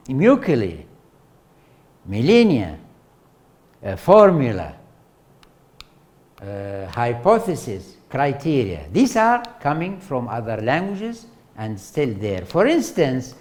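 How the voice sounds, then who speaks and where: A man, a native Arabic speaker, lectures in English at an unhurried pace, his pitch rising and falling in a lively way. He speaks in halting stretches, full of fillers and repeated words. He often turns to the class with questions as he teaches. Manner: slow, halting delivery with many fillers and repetitions, asks the class questions. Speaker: university lecturer. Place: lecture hall.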